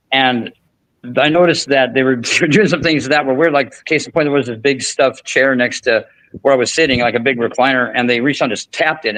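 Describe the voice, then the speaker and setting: A man's voice: mid-range voice, fairly bright tone, no room sound, poor audio. Rambling man telling a story. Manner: rambling, many restarts and fillers. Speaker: podcast host. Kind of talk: casual storytelling chat.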